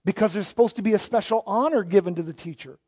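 A high-pitched middle-aged man, delivering a sermon from the pulpit. He swings from loud, punchy lines to soft asides. The recording is dull and lo-fi. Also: fast, slightly rough. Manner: emphatic, swings between loud exclamations and quiet asides. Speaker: pastor.

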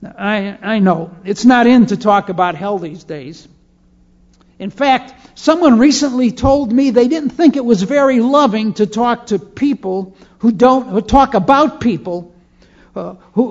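A man preaches with earnest emphasis, circling back to press his points home. His voice sits unusually high for a man. The recording is dull and muffled. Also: unhurried, darkish tone. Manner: earnest storytelling with emphatic repetitions. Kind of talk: sermon.

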